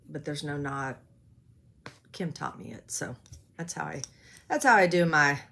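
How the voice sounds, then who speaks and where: A woman's voice: on the low side, a bit bright. A woman chatting casually about her stitching projects, rambling and self-deprecating, with lots of ums. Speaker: cross-stitch vlogger. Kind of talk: casual show-and-tell chat.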